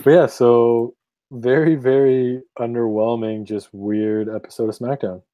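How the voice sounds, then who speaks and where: A man's voice: medium pitch, fairly even intonation, unhurried, no echo, lo-fi sound. A man co-hosting a casual podcast chat, laughing often as he talks. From Canada. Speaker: podcast co-host.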